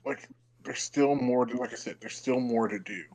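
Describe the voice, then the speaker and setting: A man at a tabletop game with a middle-pitched voice. He speaks plainly and bluntly to the table. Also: normal speed, a little mellow, poor audio. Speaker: player. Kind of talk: casual tabletop play.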